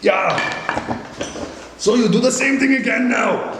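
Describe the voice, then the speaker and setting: A man's voice: extremely high pitch, measured pace. A man teaching woodworking by hand in a workshop, demonstrating step by step with playful, mock-macho humor. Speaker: woodworking instructor. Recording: echoey hall with background noise.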